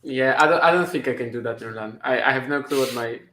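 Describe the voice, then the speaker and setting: A man's voice: medium pitch, quick pace, pushed and bright, slight background noise. Hesitant man with a non-native voice in an echoey room. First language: not English. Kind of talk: casual live watchalong chat.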